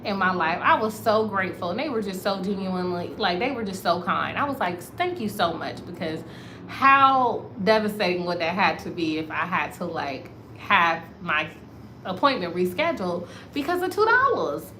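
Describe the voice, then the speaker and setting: An American woman vlogging, telling a story to her viewers in a casual, animated way and calling them y'all. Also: on the low side, normal speed, a little hiss or hum. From United States. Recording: roomy echo, faint ambience.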